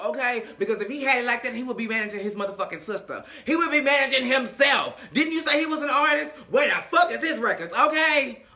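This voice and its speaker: Sassy high-voiced man roasting reality TV. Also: animated, fairly quick, bright, forceful tone. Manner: sassy and profane, dramatic emphasis. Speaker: reality TV recap commentator. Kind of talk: casual commentary.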